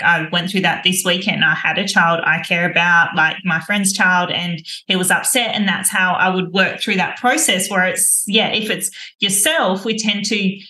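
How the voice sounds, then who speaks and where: A woman host with a bright, forceful voice chats reflectively, agreeing readily and building on her guest's points. The room around her rings with a clear echo. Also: medium pitch. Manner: agreeable, reflective, lots of affirming "yeah". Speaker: podcast host. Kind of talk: casual podcast conversation. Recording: roomy echo.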